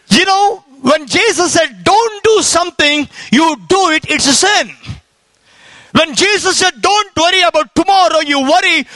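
High, bright-voiced Indian preacher. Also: male voice, no echo. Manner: storytelling, quoting others in acted voices, bursts of shouting. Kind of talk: sermon with humorous stories.

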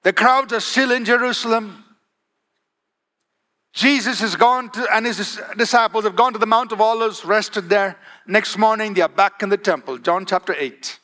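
In a high-pitched, pushed and bright voice, a man delivers an emphatic sermon. He calls for "Amen?" from the congregation and shifts his pace for effect.

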